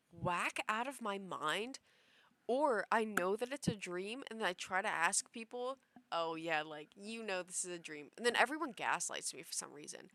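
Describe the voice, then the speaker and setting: A young woman streamer telling a story to her live chat in a rambling, animated way, full of "like" and restarts. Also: mid-range voice, no room sound. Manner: rambling, animated, heavy use of "like".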